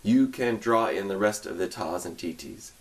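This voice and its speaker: A man's voice: on the low side, expressive, moderate pace. A man teaching a music lesson to young children online. He gives upbeat directions and sings the tune for them to repeat.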